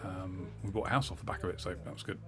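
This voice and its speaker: A man's voice: low-pitched, fairly even intonation, quick pace. A middle-aged man streaming a game, telling a rambling, profane story with many fillers. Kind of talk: casual storytelling while gaming. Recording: game music behind the voice. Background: game music.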